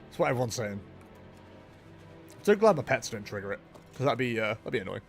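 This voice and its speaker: A gaming livestreamer talks in a gravelly, medium-pitched voice that swings widely, keeping a brisk pace as faint music plays. His casual commentary is chatty, self-mocking and packed with jokey asides.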